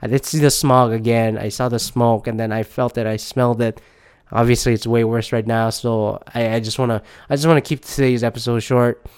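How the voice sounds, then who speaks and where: A man hosting a casual solo podcast, rambling and swearing often, low on energy and under the weather. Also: level tone, a little fast, darkish tone, clean tone. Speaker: podcast host.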